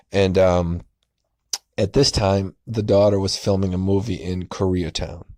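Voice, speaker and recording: A man's voice: deep voice, fairly even intonation, a little slow, a little mellow, no echo. A man in his thirties, a podcast host, telling a true story in a casual, rambling way with many fillers and self-corrections.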